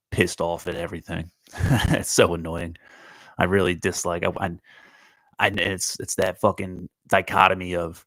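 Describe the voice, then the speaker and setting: Low-pitched and fairly bright, this man's voice comes through a rough, dry recording with no room sound. He hosts his own morning talk show while walking outdoors, chatting casually and bluntly, swearing heavily, and speaking directly to his live chat viewers.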